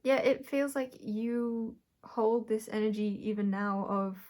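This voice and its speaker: A woman doing a pick-a-pile tarot reading, speaking in a searching way, often correcting herself and thinking aloud with soft laughs. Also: fairly high pitch, measured pace. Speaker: tarot reader. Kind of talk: intuitive tarot reading to camera.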